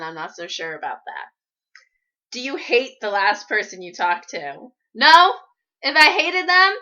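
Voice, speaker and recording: A woman's voice: medium pitch, pushed and bright, muffled recording. Young woman chatting into a laptop. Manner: chatty, laughs often, frequent "like" and "um". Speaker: YouTuber answering viewer questions. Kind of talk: casual storytelling and Q&A.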